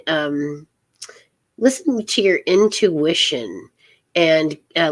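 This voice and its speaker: A middle-aged woman with a low voice hosts a casual live tarot reading. She rambles and halts, filling gaps with many fillers and soft laughs.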